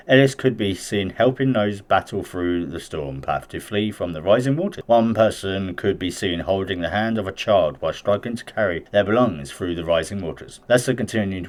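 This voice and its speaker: A man's voice: sits low, fairly quick. A man hosting a casual show, reading news stories aloud and reacting bluntly, swearing freely between the lines. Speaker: host.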